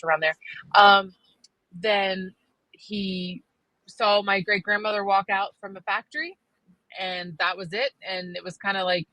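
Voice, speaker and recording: A woman's voice: mid-range voice, pushed and bright, dry recording, poor audio. A woman co-hosting a podcast, telling family stories in casual chat and laughing often. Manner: chatty storyteller, laughs often. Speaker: podcast co-host.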